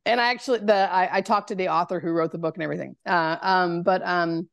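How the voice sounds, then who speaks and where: A hospice nurse shares a personal story during a podcast interview, her fairly low, gravelly voice staying fairly even in intonation. She speaks haltingly, searching for words and leaning on plenty of fillers.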